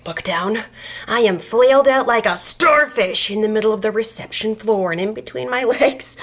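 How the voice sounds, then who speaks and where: A young adult woman telling a comic story, swinging between whispers and loud bursts with exaggerated delivery. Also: mid-range voice, lively intonation, a little slow. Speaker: comedian storyteller.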